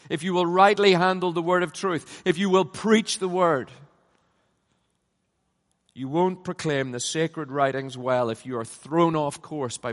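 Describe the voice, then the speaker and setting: A middle-aged man preaching a conference sermon, emphatic, swinging from loud passionate peaks down to low, quiet lines. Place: large conference hall. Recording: long hall reverb.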